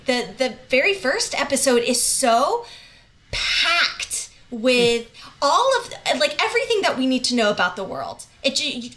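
A woman's voice: fairly high pitch, bright, forceful tone. A woman chatting as a podcast guest, hesitant and stopping to restart her thoughts. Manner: hesitant, many fillers and restarts. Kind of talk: casual chat.

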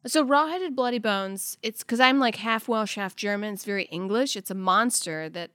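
A woman's voice: mid-range voice, moderate pace, fairly bright tone, no room sound. A woman co-hosting a casual podcast who tells stories in a chatty way and laughs often, recorded on a close mic. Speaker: podcast co-host. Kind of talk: casual chat.

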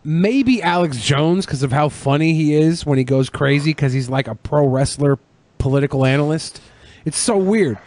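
A man's voice: fairly high pitch, normal speed, darkish tone. A man co-hosting a podcast, riffing crudely and joking in casual chat. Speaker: podcast co-host.

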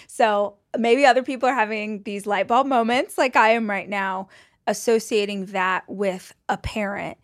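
A woman's voice: medium pitch, steady tone, normal speed, no room sound, studio quality. A woman hosting a podcast who chats casually and reflects openly, with many fillers. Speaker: podcast host.

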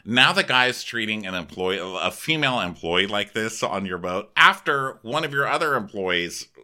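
Snarky man with a bright, lively voice. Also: on the low side, normal speed. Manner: snarky, profane, exasperated. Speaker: podcast co-host. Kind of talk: casual recap chat.

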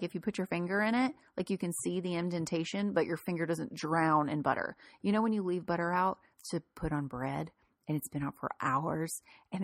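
A chatty, excitable woman hosts her podcast, a little breathless with enthusiasm. Her voice sits a bit low and sounds close and dry, with no room around it. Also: no room sound. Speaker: podcast host. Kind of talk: upbeat solo podcast teaching.

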